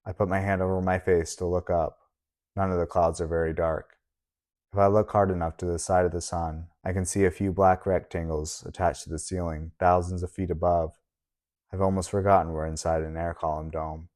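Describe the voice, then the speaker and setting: A man giving a steady, measured audiobook narration in the first person. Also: sits low.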